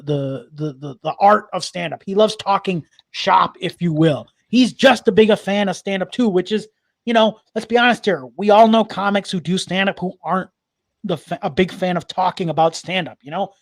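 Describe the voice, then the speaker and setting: A man's voice: high voice, no echo. A man, a guest comedian, chatting in an interview with enthusiastic, rambling talk full of restarts. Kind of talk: casual interview chat.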